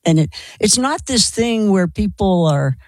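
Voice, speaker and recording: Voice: medium pitch, lively intonation, a little slow, no room sound. A talk show host chatting casually with a guest and affirming what they say. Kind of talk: casual chat.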